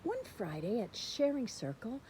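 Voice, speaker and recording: A woman reading a picture book aloud for a church children's lesson, slow and expressive, with soft quiet asides. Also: on the high side, a little hiss or hum, poor audio.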